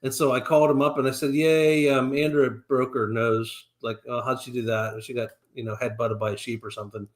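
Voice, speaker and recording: A middle-aged man co-hosting a live stream, telling animated anecdotes in a casual chat. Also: mid-range voice, brisk, hardly any pauses. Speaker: co-host of a real estate live stream.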